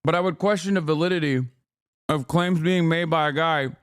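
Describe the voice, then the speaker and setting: A man's voice: a little high, steady tone, brisk, clean tone. A male livestream host giving combative, sarcastic and profane reaction commentary.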